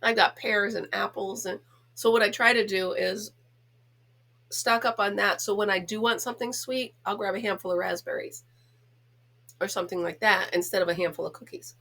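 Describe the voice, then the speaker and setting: A woman's voice: medium pitch, steady tone, normal speed, creaky, bright, forceful tone. Chatty, giggly middle-aged woman. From United States. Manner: chatty, giggly, self-teasing. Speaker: host. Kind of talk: casual chat vlog.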